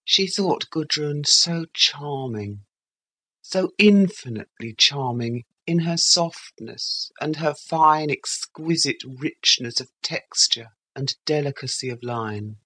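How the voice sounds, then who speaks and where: A woman reading a classic novel as an audiobook narrator, in a measured literary manner. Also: deep voice, lively intonation, bright, forceful tone, slightly rough.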